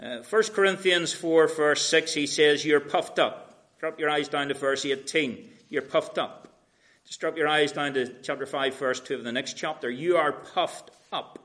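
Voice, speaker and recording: This preacher has a slightly high, steady voice and a measured pace. Working through an expository sermon, he reads scripture and restates it sarcastically in plain speech, moving from loud emphasis to quiet asides.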